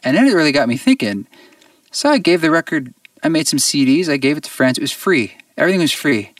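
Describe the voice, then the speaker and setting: A man, a musician guest on an interview show, tells a personal story in an earnest, reflective way with halting restarts. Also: fairly high pitch, very animated, no echo, distant mic.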